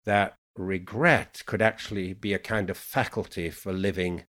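Male poet guest, blended Yorkshire-Irish-American accent, lowish voice, reflective and meandering. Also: fairly even intonation, fairly bright tone. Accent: mixed Yorkshire, Irish and Americanized English. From Yorkshire, England. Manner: unhurried, musing storyteller with many "you know"s. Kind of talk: reflective podcast conversation.

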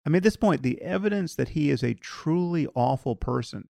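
A man hosting an interview podcast, arguing a point in a measured, deliberate way. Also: on the high side, lively intonation, creaky, warm tone, no room sound, studio quality. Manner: measured, argumentative, many "you know" fillers. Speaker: podcast host. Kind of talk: conversational interview.

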